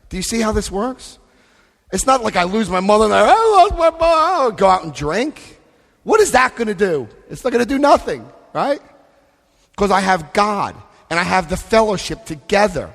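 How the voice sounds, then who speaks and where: Male convention speaker, high-pitched voice, emphatic, repeats himself, long hall reverb. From United States. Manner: emphatic, repeats key phrases, asks the crowd questions. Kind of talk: recovery talk with book reading.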